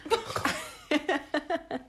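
A woman's voice: high voice, very slow, fairly bright tone. A woman co-hosting a podcast, chatting casually in a playful way and laughing easily. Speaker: podcast co-host. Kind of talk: casual chat.

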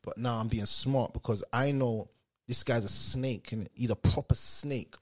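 A man's voice: mid-range voice, unhurried. A man chatting casually as a guest, telling a story in heavy street slang and acting out what others said. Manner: animated storyteller, heavy street slang, acts out quoted voices. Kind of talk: casual chat.

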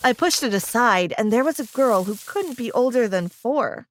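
A woman's voice: fairly high pitch, expressive, moderate pace. A woman narrating a first-person story, reading expressively.

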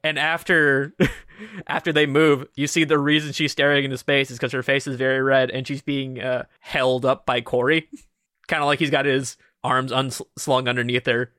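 A man narrating a tabletop game as game master, casual and halting, often laughing. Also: medium pitch, flat delivery, pushed and bright, dry recording, clean studio sound.

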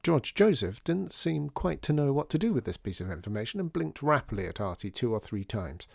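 A man narrating a story in an expressive, wry way. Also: mid-range voice, a little fast, creaky, dry recording, clean studio sound.

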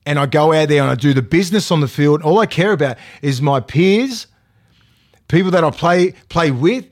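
A man's voice: a little high, animated, normal speed, darkish tone. Blunt Australian man ranting. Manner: blunt, swears a lot, ranting. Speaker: current player and co-host. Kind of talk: casual sports podcast chat.

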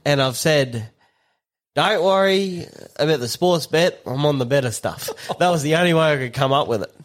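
A man on a podcast, telling a story in an animated, laughing way. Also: a little high, moderate pace. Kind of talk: casual chat.

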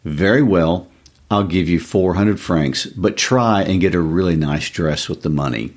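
A man's voice: sits low, a little slow. A man reading aloud and voicing a kindly husband who speaks in an earnest, pleading way, anxious to please his wife. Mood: eager.

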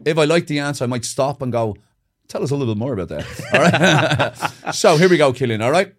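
A man with an Irish accent hosting a football podcast, chatty and quick to laugh. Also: medium pitch, expressive. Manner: laughs often, easygoing quizmaster. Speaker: podcast host. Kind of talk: casual chat.

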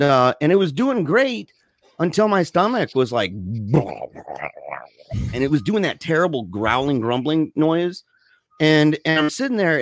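A man's voice: medium pitch, no room sound, studio quality. A man telling a long childhood story in casual chat, rambling and self-mocking with lots of fillers. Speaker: guest storyteller.

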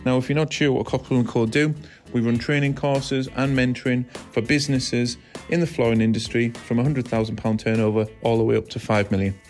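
A man's voice: medium pitch, fairly even intonation, brisk, soft background music. A man in his forties with a British accent, hosting a podcast in casual chat with dry, teasing banter. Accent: British English. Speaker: podcast host.

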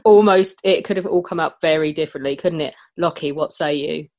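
A podcast host steering a relaxed panel discussion, mid-pitched and even-toned, quick to laugh and throw in dry jokes between questions. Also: lo-fi sound. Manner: laughs often, wry asides. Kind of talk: casual panel chat.

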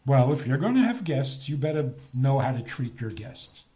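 A man's voice: medium pitch, big pitch swings, moderate pace, dark tone. A man giving a lecture with humor, asking rhetorical questions and chuckling at his own points.

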